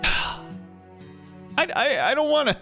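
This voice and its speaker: A man's voice: very high-pitched, big pitch swings, extremely slow, pushed and bright, faint music behind. A man streaming a game, breaking off into rambling, self-mocking asides between reading lines. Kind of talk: casual game-stream commentary.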